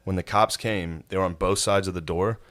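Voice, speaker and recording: A man with a low voice trades stories on a podcast. His humor is dry and deadpan, dropped in quick asides. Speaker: podcast co-host. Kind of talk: casual podcast banter.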